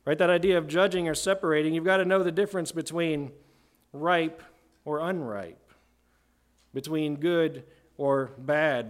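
Man preaching a sermon, asks "right?". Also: a little high. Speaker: pastor. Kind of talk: expository sermon.

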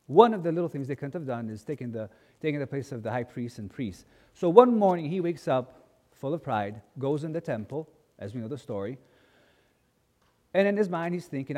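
Male preacher, animated storyteller, reverberant church hall. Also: medium pitch, brisk. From grew up as a missionary kid in a mission. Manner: animated storyteller, acting out voices in quotes. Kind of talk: sermon with personal storytelling.

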